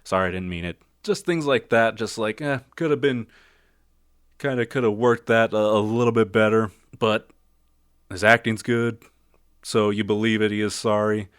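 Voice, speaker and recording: Speaking on the low side with fairly even intonation and a clear, resonant tone, a man casually reviews a film at normal speed. He wanders off track, doubts himself, and leans heavily on fillers. The studio-quality recording has no echo.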